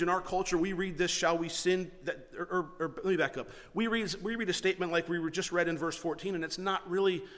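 A man's voice: on the high side, fairly bright tone, in a large hall. A man who is a pastor, preaching a conversational sermon, often restarting and repeating words as he explains.

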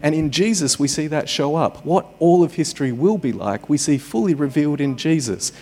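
A man's voice: fairly high pitch, animated, brisk, mellow. A man preaching a sermon at a church service, conversational and dropping joking asides. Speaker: pastor.

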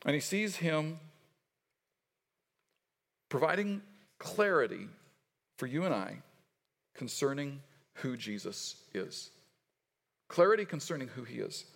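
A man preaching to his congregation, reading scripture aloud and pausing to have them repeat the lines back. His voice sits fairly high for a man and trails into a long reverb, as in a large church sanctuary. He talks in a loose, conversational way, with fillers and restarts. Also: animated, creaky. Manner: leads the congregation in call-and-response repetition. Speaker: pastor.

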